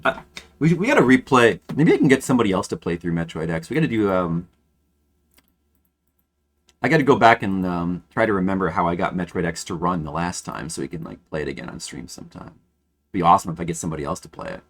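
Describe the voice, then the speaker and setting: This game streamer is a fast-talking man with a low voice and lively intonation. Chatting casually on his live stream, he thinks aloud and rambles, with lots of restarts.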